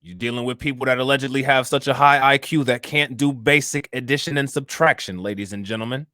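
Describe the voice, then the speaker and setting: A man's voice: mid-range voice, steady tone, a little fast, bright, forceful tone, no echo, clean studio sound. A man co-hosting a commentary show, talking in a mocking, profane, casual way. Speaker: co-host.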